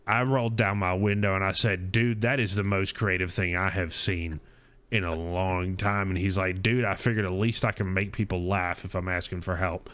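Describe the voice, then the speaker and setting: A middle-aged man hosts a laid-back podcast in a smooth, resonant voice that sits a bit low. He rambles through his stories, restarting sentences and chuckling as he goes. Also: steady tone, moderate pace, a bit bright. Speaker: podcast host. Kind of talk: casual chat.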